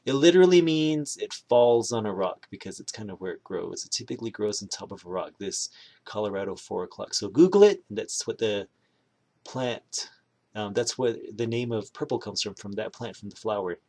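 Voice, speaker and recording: A man giving a casual language lesson, repeating each word slowly. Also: on the low side, lively intonation, a little mellow. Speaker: language teacher.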